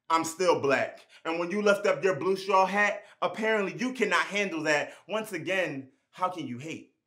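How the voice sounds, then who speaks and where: Man, spoken word poet, somewhat high voice, rhythmic, impassioned delivery. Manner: impassioned, rhythmic, swings between hushed and shouted. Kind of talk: spoken word poetry performance.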